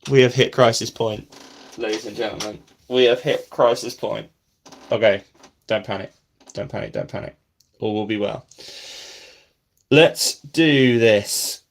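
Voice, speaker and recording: A man's voice: lowish voice, measured pace, gravelly, long pauses, slight background noise. A man giving casual running commentary as he builds, talking to himself and at times dropping to a near whisper. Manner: self-deprecating, talks to himself while building; drops to a near whisper while concentrating. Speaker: brick-building vlogger.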